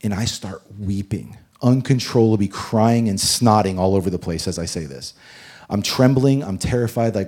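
Male pastor, husky voice, animated sermon storyteller. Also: on the low side, brisk. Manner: animated storyteller, swings from loud to hushed.

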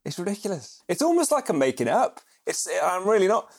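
A man's voice: high voice, sing-song, fast. A man co-hosting a podcast, telling stories in a chatty, self-mocking way and laughing often. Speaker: podcast co-host. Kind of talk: casual podcast chat.

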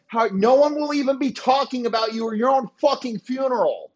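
A man rants crudely on a podcast, boastful and insulting. His voice sits high for a man, and the recording is dull and lo-fi. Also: animated, a little fast. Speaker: podcast host. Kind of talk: profane comedic rant. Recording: dull lo-fi sound.

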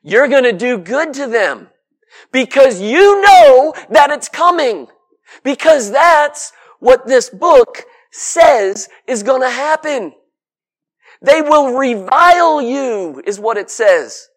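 Guy preaching a sermon, pretty high voice, folksy and direct, keeps stacking up lists. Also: expressive, slow pace. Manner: emphatic, with rhetorical questions and repeated lists.

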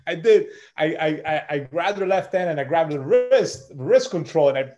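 A middle-aged man, a podcast guest and chef, telling a story in a loose, animated way and peppering his talk with "bro" and "man". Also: a little high, measured pace, highs cut off. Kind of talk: casual storytelling chat.

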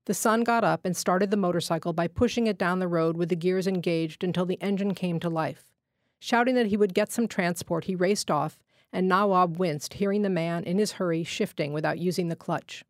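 A woman reads a short story aloud, measured and steady. Her voice sits low, and the studio sound is dry and close. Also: no echo. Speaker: guest reader. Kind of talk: literary reading.

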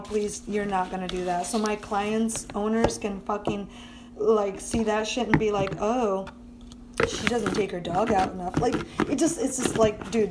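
A woman's voice: mid-range voice, heavy background noise. A young adult woman talking alone on her podcast in a casual, rambling way, blunt and full of swearing and fillers like "like".

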